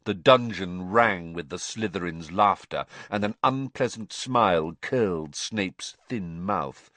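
A man narrating a story in an expressive, measured way. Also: low voice, no room sound. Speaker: audiobook narrator.

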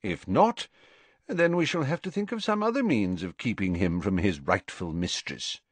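A man voicing an elderly male headmaster who speaks in a measured, formal, gently amused way. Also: lowish voice, expressive, no echo. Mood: calm. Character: elderly male headmaster, calm, courteous and wry.

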